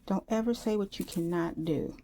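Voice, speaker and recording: Low-voiced chatty woman crafting. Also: moderate pace, a little hiss or hum. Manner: chatty, excitable, frequent exclamations. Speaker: crafter vlogger. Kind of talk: casual talk while crafting.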